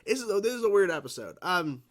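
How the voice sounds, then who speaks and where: Here the reaction host speaks quickly in a high voice that swings widely in pitch. He reacts casually to a cartoon episode, wandering off topic, cursing, laughing often and beginning sentences again.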